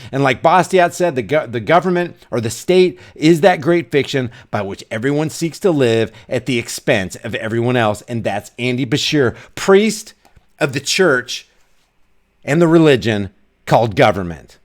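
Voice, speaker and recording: Fiery and preachy, a middle-aged man uses his commentary vlog to rant, hammering each point through emphatic repetition. He speaks at a moderate pace in a medium-pitched voice with lively intonation.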